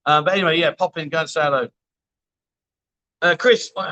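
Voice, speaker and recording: A man's voice: on the high side, fairly quick, pauses often, pushed and bright, poor audio. Chatty man hosting a livestream. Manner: chatty, matey, addresses viewers as mate. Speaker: livestream host. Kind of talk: casual livestream chat reading viewer comments. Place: bar, indoors.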